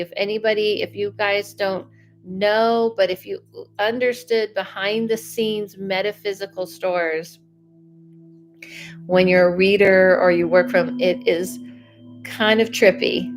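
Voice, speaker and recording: Chatty woman medium, faint music behind. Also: medium pitch. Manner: chatty and animated, self-interrupting. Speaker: psychic medium doing live readings. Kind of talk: casual livestream chat.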